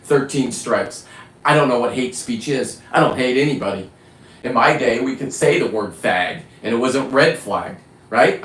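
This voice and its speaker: A man's voice: medium pitch, fairly bright tone, reverberant, low-quality recording. A middle-aged man hosting a live stream, ranting in a blunt, profane, rambling way. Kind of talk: casual live-stream rant.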